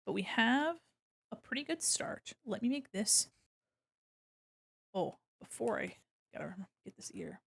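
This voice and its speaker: A young woman streamer chatting casually with her viewers while she draws, animated, laughing often and swearing freely. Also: fairly high pitch, a little slow, creaky, pauses often, breathy edge. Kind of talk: casual chat with a live stream chat while drawing.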